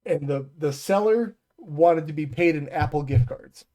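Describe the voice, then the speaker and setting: A man's voice: a little high, a little slow, warm tone. A man co-hosting a podcast from home, telling rambling, profane stories about his workday and often losing his train of thought. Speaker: podcast co-host. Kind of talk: casual storytelling chat.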